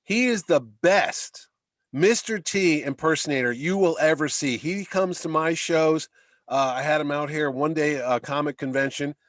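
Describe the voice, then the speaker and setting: Middle-aged male podcast co-host, rambling anecdotal delivery, slightly high voice, dry close mic. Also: moderate pace, no echo. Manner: rambling, animated storyteller. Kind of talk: casual chat.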